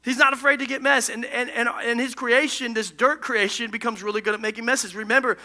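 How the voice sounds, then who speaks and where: A male pastor giving an energetic, conversational, jokey sermon in a church. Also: extremely high pitch, fairly quick. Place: church stage.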